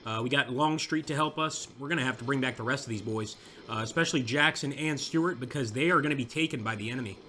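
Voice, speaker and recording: A young man with a Southern American drawl talks through a battle in his strategy game as it unfolds. His voice is bright and pushed forward, and he cheers his units on excitedly. A faint ambient hum sits behind him. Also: mid-range voice, fast talker. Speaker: gameplay commentator. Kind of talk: let's play commentary.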